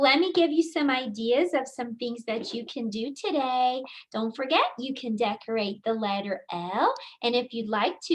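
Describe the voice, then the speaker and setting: A woman teaching young children in a video lesson, reading a picture book aloud slowly and expressively, with big upward leaps on dramatic lines. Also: fairly high pitch. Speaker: preschool teacher.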